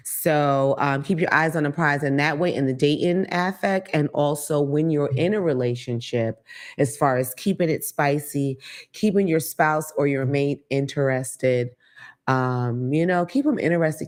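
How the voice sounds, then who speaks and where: A woman with a low, deep speaking voice hosts her own talk show. She riffs loosely and bluntly, cursing freely as she tells stories to her listeners. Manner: blunt, profane, animated storytelling. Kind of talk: casual comedic monologue.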